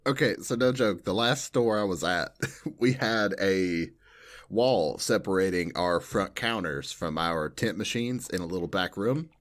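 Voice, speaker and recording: A man co-hosting a podcast in casual chat, from the Southern United States, telling stories in an animated way and laughing often. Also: sits low, measured pace. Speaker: podcast co-host.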